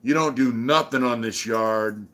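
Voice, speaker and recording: Middle-aged guy from san diego rambling thru stories, swears a lot, uh and you know everywhere, normal pitch. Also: unhurried, fairly bright tone. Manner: rambling, profane, many fillers. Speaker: channel host. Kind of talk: casual livestream storytelling.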